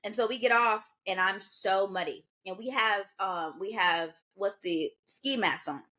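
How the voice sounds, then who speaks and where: Animated young woman telling a story. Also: medium pitch, measured pace. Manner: animated, acts out quoted voices. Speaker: podcast co-host. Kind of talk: casual storytelling chat.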